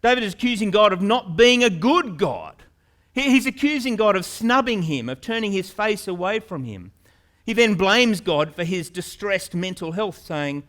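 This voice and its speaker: High-voiced pastor preaching with urgency. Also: male voice, animated, normal speed. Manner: earnest, repeats words while preaching, rises to loud pleading questions. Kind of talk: sermon.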